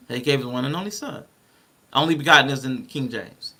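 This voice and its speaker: A man co-hosting a casual panel podcast, reading Bible verses aloud and walking through his points in an animated way. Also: mid-range voice, brisk. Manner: animated, reads scripture aloud and explains it. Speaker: podcast co-host.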